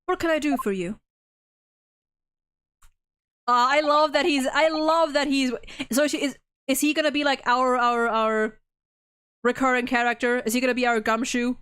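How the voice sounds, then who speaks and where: A woman's voice: sits high, flat delivery, moderate pace, fairly bright tone, smooth. A woman game streamer chatting casually, playful and stumbling over her words. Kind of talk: casual live-stream chat. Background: game music.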